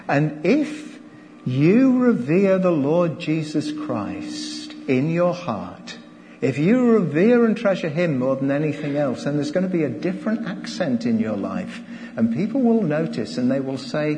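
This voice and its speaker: A man's voice: on the high side, sing-song, a little slow, dark tone, slight background noise. A man preaching a sermon, earnest and exhorting, asking his listeners rhetorical questions. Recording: long hall reverb.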